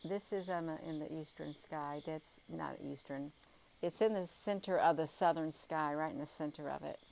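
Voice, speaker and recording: This low-pitched woman, tired and yawning, rambles sleepily through a live sky-watching chat outdoors at night, peppering it with ums, uhs, and a folksy "you all." Her darkish voice carries vocal fry at a moderate pace. Faint crickets and hiss sit behind her on a low-quality recording.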